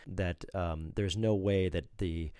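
Male pastor, low voice, dry recording, emphatic teacher. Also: steady tone, slow, darkish tone, smooth, dry recording. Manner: explanatory, lecturing, emphatic. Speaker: pastor, co-host. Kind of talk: theological discussion.

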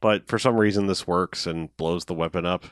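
A man's voice: low voice, fairly even intonation, normal speed, no echo, studio quality. A man co-hosting a podcast, chatting casually and rambling as he recaps a movie, often mimicking the characters. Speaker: podcast co-host.

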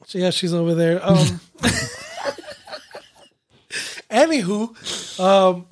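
A man with a notably high voice chats loosely on a podcast. He drifts between thoughts with fillers and quick giggles. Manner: easygoing, lots of fillers and giggles. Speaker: podcast co-host. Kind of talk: casual chat.

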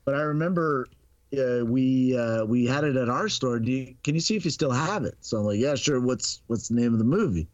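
A middle-aged man telling a story on a podcast, casual and animated, acting out the dialogue and laughing often. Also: medium pitch, brisk, no room sound, highs cut off. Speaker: podcast guest.

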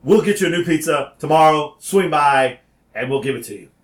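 A man telling a story in an animated way, acting out phone calls and sometimes rising to a shout. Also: a little high, brisk, roomy sound.

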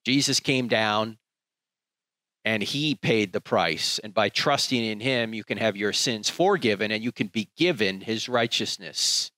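A man's voice: fairly low pitch, a little slow, bright, forceful tone, no echo. A man preaching a sermon in an emphatic, rhetorical way, acting out the people he quotes.

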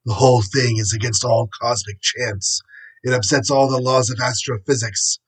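A man reading aloud voices an earnest male astronomer who delivers grave news in a measured, solemn way, with a husky voice. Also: mid-range voice, a bit bright, pitched above the performer's own voice, natural voice, low-quality recording.

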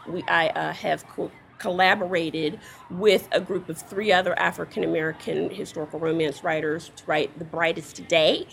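A woman author being interviewed, talking in a halting, giggly way with many fillers. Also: on the low side, gravelly, fairly bright tone, slight background noise. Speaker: guest author. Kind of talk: casual interview.

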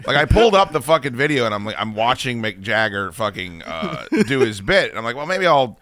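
A man's voice: mid-range voice, a little fast, no room sound. A man hosting a talk show, chatting casually and venting with a lot of swearing. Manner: profane, animated venting. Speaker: radio show host. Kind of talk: casual chat and ranting.

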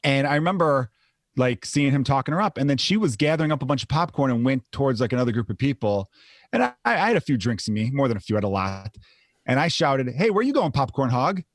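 A man's voice: medium pitch, expressive, fast, no room sound, studio quality. A comedian in his thirties, telling rambling stories in a casual podcast chat and swearing freely. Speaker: comedian guest. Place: home.

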